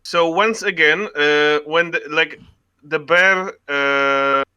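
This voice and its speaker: A young man with a fairly high, very bright voice talks through his move in a tabletop game. He sounds flustered and keeps repeating himself. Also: slow, clean tone, lo-fi sound. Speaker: player. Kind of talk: casual tabletop game chat.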